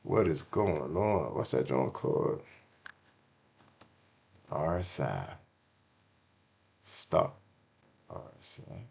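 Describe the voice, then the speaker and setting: Deep-voiced man hyping crypto charts. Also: animated, extremely slow, gravelly, pauses often, husky. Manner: swings from hyped shouting to hushed apologies; casual slangy delivery, repeats himself. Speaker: crypto streamer. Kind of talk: excited market commentary to chat.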